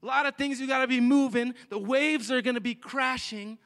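A young man preaches in a loose, conversational way, acting out little scenes as he goes. His voice sits high and sounds bright and forward. Long reverb trails behind him from the big church hall. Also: fairly quick, smooth. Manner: animated, chatty preaching with jokes and acted-out quotes. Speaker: pastor. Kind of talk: sermon. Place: church sanctuary.

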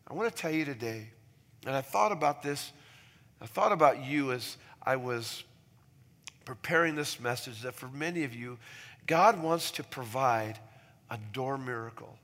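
Bright-voiced man preaching in an echoing hall. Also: expressive, moderate pace. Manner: preaching with sudden loud emphatic peaks and soft low asides. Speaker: pastor. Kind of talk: sermon.

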